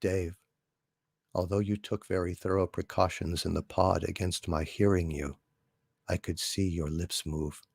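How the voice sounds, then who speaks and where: A man doing a hushed, eerily calm ship computer. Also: sits low, gravelly, breathy edge, dry recording, clean studio sound, voice pushed down, heavily acted. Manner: soft, slow, eerily calm.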